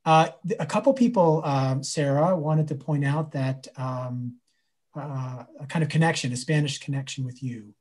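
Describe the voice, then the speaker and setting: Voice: medium pitch, normal speed, darkish tone. A moderator reads audience questions aloud at a lecture. The delivery is hesitant, with many fillers between phrases.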